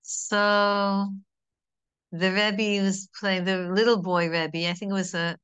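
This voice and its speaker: A woman's voice: medium pitch, flat delivery, slow, a bit bright, smooth. A middle-aged woman teaching a Torah class in a conversational, digressive way, mixing in Hebrew terms.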